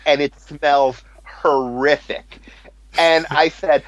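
A man's voice: mid-range voice, sing-song, fairly quick, dry recording. A man telling a profane story in casual talk, laughing at his own jokes. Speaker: storyteller, former cinema manager. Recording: dull lo-fi sound.

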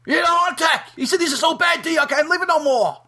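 A man doing a comedic impression of a brash, foul-mouthed, boastful aging rock star on a podcast. He rants, bursts into shouts and stammers over repeated words. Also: extremely high pitch, fast, pitched above the performer's own voice, heavily acted. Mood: ranting. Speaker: podcast host.

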